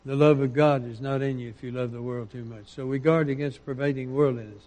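A man preaching a sermon, quoting scripture with rising emphasis and dropping into quiet asides. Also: medium pitch, steady tone, a little fast, long reverb tail.

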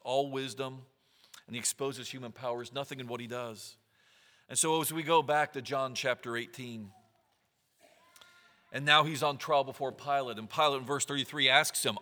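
Male preacher, earnest sermon delivery, sharp bright tone, long hall reverb. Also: mid-range voice. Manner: earnest, reads scripture aloud with rising emphasis.

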